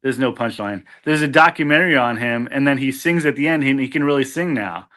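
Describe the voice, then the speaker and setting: A laid-back man co-hosting a podcast, hesitant and easily distracted. His voice is bright and forward, sitting at a middle pitch. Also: fairly quick. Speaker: podcast co-host. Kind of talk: casual podcast chat.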